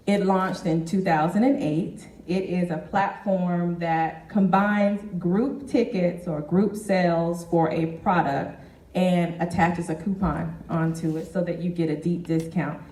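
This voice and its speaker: A woman giving a keynote business presentation, speaking in a measured way and addressing the audience directly. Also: on the low side, dark tone. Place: meeting hall. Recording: echoey hall from far off.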